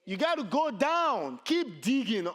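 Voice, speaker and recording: Middle-aged pastor preaching, high voice that swings all over, jokes at his own expense. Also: unhurried. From Nigeria. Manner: animated, self-mocking humor, rhetorical "you see". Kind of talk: sermon.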